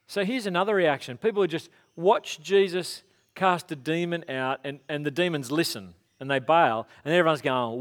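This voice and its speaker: A man's voice: a little high, moderate pace. A man giving a casual, conversational sermon, telling stories and acting out quotes. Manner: casual, animated storytelling with acted-out quotes. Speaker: pastor.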